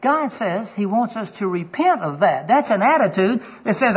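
An older man preaches with a high, husky voice, telling stories from his own life and acting out the quoted exchanges. He is earnest and often sinks to a near-hush for the confessional moments. The recording sounds dull and lo-fi. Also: big pitch swings, normal speed, few pauses. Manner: storytelling, acts out quoted dialogue with his voice; earnest, drops to a hushed voice for personal moments. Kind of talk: sermon.

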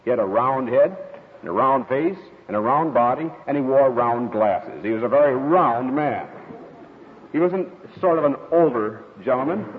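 A male pastor delivers a sermon with a lively, rising-and-falling voice and a storyteller's flair. His voice comes through a thin, phone-like radio broadcast, ringing with the long echo of a large hall. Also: mid-range voice. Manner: storytelling, expressive with quoted voices.

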